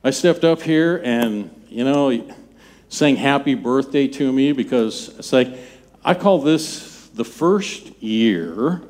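A man in his seventies, a pastor preaching a sermon in a church, talking in a conversational, halting way with many restarts. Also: medium pitch, animated, darkish tone. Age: 70s. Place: church sanctuary.

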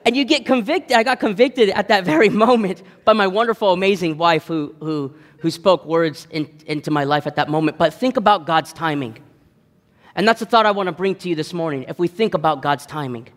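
A man in his thirties, a pastor telling a self-deprecating story in a lively sermon. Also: sits high, brisk. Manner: animated, self-deprecating, acts out voices in his stories. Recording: long hall reverb.

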